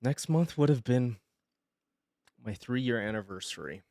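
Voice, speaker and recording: A male streamer, sick with pneumonia, making an emotional announcement in a halting, hesitant way and holding back tears. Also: mid-range voice, lively intonation, a little mellow, no echo, studio quality.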